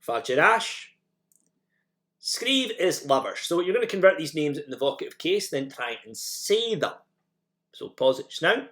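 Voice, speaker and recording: A man talks through a recorded language lesson with a lively, up-and-down pitch. He explains each step plainly and says example phrases over and over so learners can copy them. A few fillers and restarts slip in along the way. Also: measured pace. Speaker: teacher.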